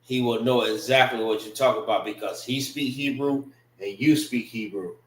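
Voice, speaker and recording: A man teaching an informal language class, slow and repetitive, casual in his talk. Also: medium pitch, steady tone, recorded from a distance. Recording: roomy, from off-mic.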